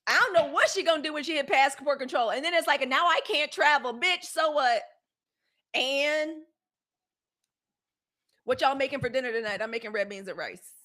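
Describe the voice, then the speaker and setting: High-voiced woman hosting a chatty live show. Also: normal speed, pauses often, fairly bright tone. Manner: chatty, outspoken, addresses viewers as y'all and girl; blunt, profane ranting. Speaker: host of a daily live news show. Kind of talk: casual live-stream commentary.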